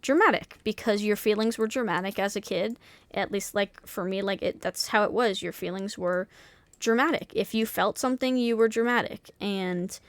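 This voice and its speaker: Young woman streamer just venting, swears a lot, keeps restarting, clean smooth voice, dead dry sound. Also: medium pitch, moderate pace, no room sound. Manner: candid and profane, with many restarts and fillers. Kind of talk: casual chat while streaming a game.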